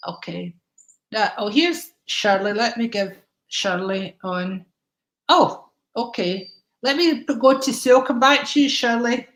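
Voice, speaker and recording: A woman's voice: a little high, a little slow, fairly bright tone, echoey room, poor audio. A woman giving psychic readings to viewers on a live stream, affectionate and rambling, calling people darling. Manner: rambling, many ums and restarts.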